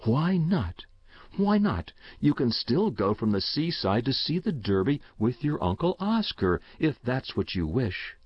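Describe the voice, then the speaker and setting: A man's voice: medium pitch, sing-song, unhurried, slightly rough, no echo, dull audio. A man voicing an anxious, weary mother who coaxes and pleads with her son. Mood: coaxing. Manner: anxious, coaxing.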